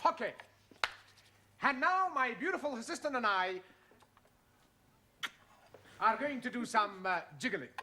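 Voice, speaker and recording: An actor playing a showy Greek student in a sitcom, speaking broken English with a Greek accent. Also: male voice, very high voice, measured pace, pauses often, noisy background. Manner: broken English, showman patter. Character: showy Greek man student, juggling act. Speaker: adult evening-class student.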